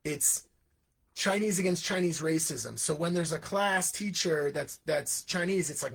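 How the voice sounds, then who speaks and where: A man who is an English teacher and founder of an education program, speaking in a live, energetic monologue with frequent asides. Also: a little high, normal speed, vocal fry, breathy edge. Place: Hong Kong.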